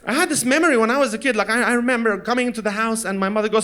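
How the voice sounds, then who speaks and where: High-pitched guy doing stand-up, tells family stories, does little voices for mom and dad. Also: racing, fairly bright tone. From Lebanon. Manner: storytelling, acting out his parents in voices. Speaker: stand-up comedian. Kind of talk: stand-up comedy set. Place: comedy stage before a laughing audience.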